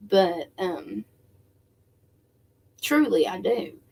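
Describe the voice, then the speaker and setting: A middle-aged woman with a drawl talks slowly into her phone, full of fillers and false starts. Her voice carries a gravelly creak throughout. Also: mid-range voice, expressive, a little mellow. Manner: rambling, many fillers and restarts, addresses viewers as y'all. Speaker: spiritual livestream host. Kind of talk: casual chat to viewers.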